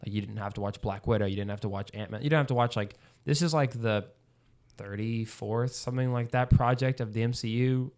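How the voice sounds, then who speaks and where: On a film podcast, this male co-host chats casually in a medium-pitched, somewhat dark voice, talking a little fast. He rambles, often restarting and leaning on fillers.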